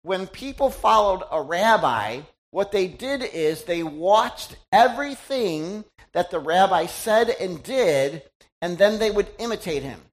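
Middle-aged pastor with a lively, bouncy voice. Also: mid-range voice, unhurried. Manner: chatty, teasing, quizzes the congregation. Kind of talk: conversational sermon.

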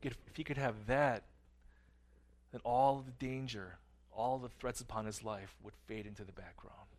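A middle-aged man preaching a sermon earnestly, his phrases often trailing off softly at the ends. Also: mid-range voice, steady tone, moderate pace. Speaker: pastor.

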